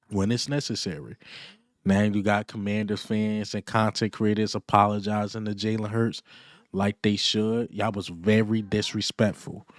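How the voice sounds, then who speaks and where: Low-voiced man hyping his team. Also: moderate pace, dry recording, clean studio sound. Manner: excited, boastful trash talk with repeated punchlines. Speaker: sports fan vlogger. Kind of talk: casual fan reaction rant.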